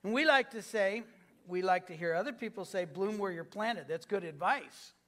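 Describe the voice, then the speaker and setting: A man's voice: sits high, normal speed, fairly bright tone. A man preaching a sermon as pastor, asking the congregation to repeat phrases after him. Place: church sanctuary.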